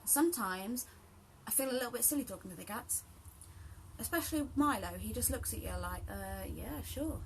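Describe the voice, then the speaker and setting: A woman's voice: a little high, lively intonation, brisk, slight background noise. A British woman chatting casually in a rambling way while she sews, with lots of ums and laughs. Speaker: sewing vlogger. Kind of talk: casual chat while sewing.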